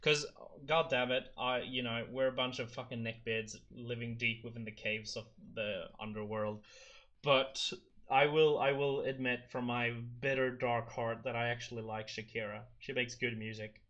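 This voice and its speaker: A young man co-hosting a casual podcast, joking around and laughing between stories. His voice sits at an ordinary middle pitch. He is loose and playful in the talk. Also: fairly even intonation, normal speed, a bit bright, dull audio. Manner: jokey, laughs often, breaks into silly sung impressions. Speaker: podcast co-host. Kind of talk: casual chat.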